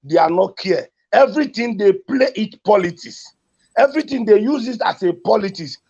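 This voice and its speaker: A Nigerian-accented man pleads and repeats himself, his voice high, gravelly and husky. The recording sounds dull and lo-fi. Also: expressive, moderate pace, a little mellow. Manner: pleading, repetitive, emotional. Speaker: community advocate. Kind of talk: impassioned appeal.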